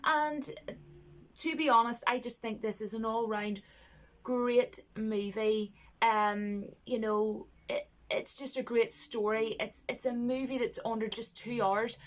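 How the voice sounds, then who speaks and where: A woman chatting to camera about a film she loves, gushing and animated, laughing often and mimicking lines in a higher voice. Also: unhurried. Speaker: vlogger reviewing a film. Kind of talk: casual chat to camera.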